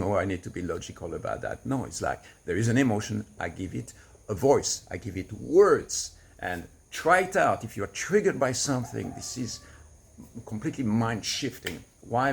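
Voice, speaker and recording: A man coaching to camera, explaining in an earnest, patient way and laughing softly now and then. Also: mid-range voice, gravelly, slight background noise. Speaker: relationship coach. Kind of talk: teaching to camera.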